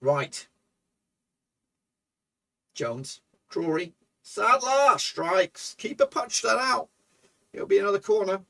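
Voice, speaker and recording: Excitable gravelly man commentating a game. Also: high voice, takes it slowly, pauses often, far from the mic. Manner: excitable, swearing, shouts at goals. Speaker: gaming YouTuber. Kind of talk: live commentary over a football management game.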